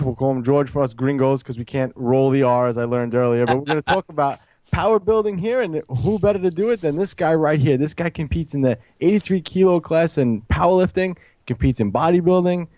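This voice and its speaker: Joking New podcast host. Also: male voice, fairly high pitch, brisk, warm tone, no room sound. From New York. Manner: joking, teasing. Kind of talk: casual podcast chat.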